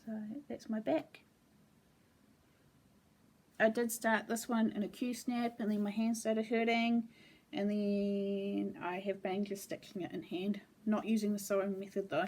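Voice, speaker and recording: A woman's voice: mid-range voice, measured pace, a little hiss or hum. A woman casually showing her cross-stitch projects at home, rambling with frequent ums. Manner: relaxed, meandering, with frequent ums. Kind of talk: casual show-and-tell chat.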